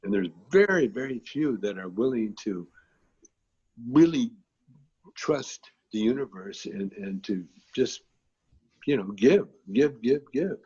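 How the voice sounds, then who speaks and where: A man's voice: medium pitch, lively intonation, takes it slowly, dark tone, breathy edge, muffled recording. A man being interviewed who tells long, rambling stories in a laid-back way, with plenty of filler phrases. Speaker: guest, actor and comedian.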